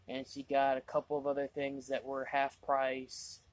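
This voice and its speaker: A man's voice: mid-range voice, monotone, normal speed, dry recording. A man vlogging casually, rambling through a story with lots of "I was like" asides, exasperated and mocking himself.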